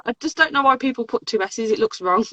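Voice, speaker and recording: A woman's voice: a little high, animated, brisk. A woman hosting a live writing interview on a video call, listening closely and murmuring agreement. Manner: warm listener, lots of soft agreement sounds. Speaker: host. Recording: muffled lo-fi call audio.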